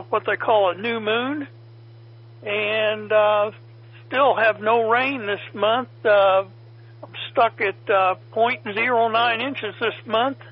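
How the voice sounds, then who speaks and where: A man's voice: high-pitched, husky. A man from south central Illinois checking into a radio net, rambling in a friendly way with many fillers. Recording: dull lo-fi radio audio.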